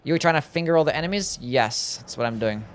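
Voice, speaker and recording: A man's voice: on the high side, lively intonation, fast, clean tone. A man casually streaming a game live, chatting and answering his viewers in a laid-back way.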